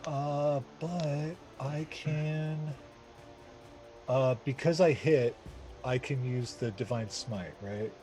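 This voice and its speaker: A man plays a tabletop game, checking his rolls slowly and hesitantly with many fillers. Faint music plays behind him. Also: medium pitch, a little mellow. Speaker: player. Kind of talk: tabletop game play, casual.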